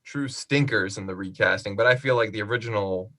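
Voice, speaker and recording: A man's voice: on the low side, brisk. A man hosting a casual live-stream chat about movies, reading viewer comments and acting out quotes. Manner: animated, acts out quotes. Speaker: podcast host reading chat.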